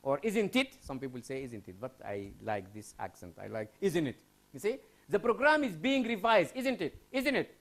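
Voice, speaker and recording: A man from Sudan lecturing on English grammar in a university studio. His pitch swings widely as he talks. He keeps repeating phrases and firing rhetorical questions at the class. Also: very animated, fairly bright tone. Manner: repetitive, rhetorical questions, drawn-out emphasis.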